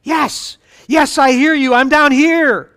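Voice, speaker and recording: A man voicing a panicked man clinging to a branch on a cliff, yelling and pleading for help. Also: very high voice, quick pace, smooth, voice pushed up.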